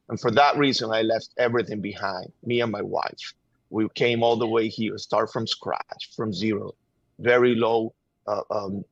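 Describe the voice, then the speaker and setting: A man's voice: lowish voice, a bit bright, no echo, dull audio. A man with a Venezuelan Spanish accent, a guest giving impassioned interview answers in an emphatic, urgent way, often repeating words as he presses his point. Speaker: guest, gun-violence activist.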